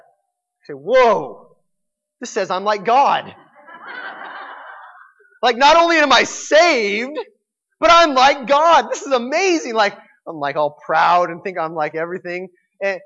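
Lively, animated male pastor preaching. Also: high voice, lo-fi sound. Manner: animated storytelling with repeated restarts. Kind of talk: sermon.

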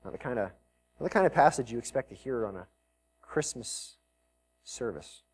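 A man's voice: mid-range voice, expressive, normal speed. A man preaching a live sermon as pastor to a congregation in a church, talking in a conversational way and mixing in joking asides. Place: church service before a congregation.

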